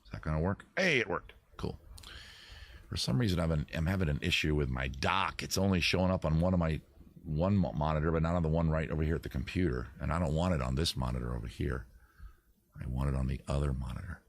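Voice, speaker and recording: A man's voice: very deep voice, quick pace, vocal fry. A man hosting a casual livestream from his home computer, rambling and bantering with his chat in a mock-indignant way. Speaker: livestream host. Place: home setup at a computer with several monitors.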